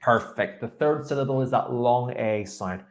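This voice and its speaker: Young male speaking coach, mid pitch, encouraging, models pronunciation. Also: moderate pace. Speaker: IELTS speaking teacher. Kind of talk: feedback after a mock speaking test.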